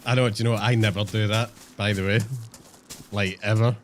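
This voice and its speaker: A man's voice: on the low side, steady tone, fairly quick, slight background noise. A man streaming a game, chatting casually and self-mockingly to viewers, swearing often. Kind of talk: casual live-stream chat.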